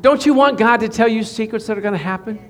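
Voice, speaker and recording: High-pitched guy preaching to a small church, lively, keeps asking amen, chuckles a lot. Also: fast talker. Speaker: pastor. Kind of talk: sermon to a small congregation.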